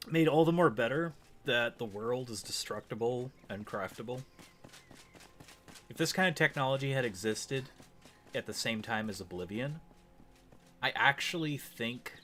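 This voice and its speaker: Male streamer, low-pitched, easygoing enthusiastic gameplay chatter. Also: fairly bright tone. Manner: rambling, enthusiastic, musing aloud. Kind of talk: casual gameplay commentary.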